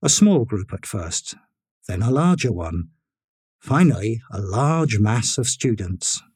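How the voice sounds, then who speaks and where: A man narrating a story in a measured, expressive reading style. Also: mid-range voice, husky, no echo, studio quality.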